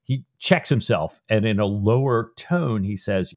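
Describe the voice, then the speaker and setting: A man with a fairly low voice talks through his reactions to a novel on a podcast. He often restarts his sentences and voices his own thoughts along the way. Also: expressive, normal speed, few pauses, a little mellow. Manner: shares reactions with restarts and 'I'm thinking' asides. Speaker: podcast co-host. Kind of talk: book discussion chat.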